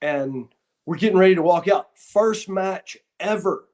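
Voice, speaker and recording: A man with a drawl tells animated stories in a somewhat higher-than-usual voice. He speaks casually as an interview guest and plays out the lines of people in his stories. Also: a little slow. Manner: animated anecdotes, acting out what others said. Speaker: guest, former wrestler and referee. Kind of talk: casual storytelling.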